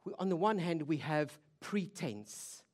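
A woman preacher giving a sermon, telling the story vividly with rhetorical questions and swinging between loud emphasis and hushed intensity. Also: low-pitched, expressive, unhurried.

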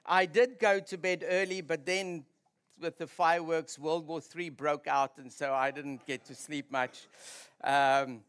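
A pastor preaching a sermon in church, restarting sentences now and then and sounding tired after little sleep. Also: male voice, fairly high pitch, steady tone, unhurried, smooth. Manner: warm-up chat before preaching, restarts mid-sentence. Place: church hall.

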